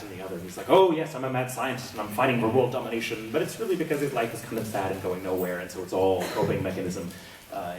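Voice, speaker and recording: Man animated voice actor telling a story. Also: lowish voice. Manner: animated, rambling, self-mocking. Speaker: voice actor panel guest. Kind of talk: convention panel storytelling. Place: convention panel room. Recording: echoey room, distant mic.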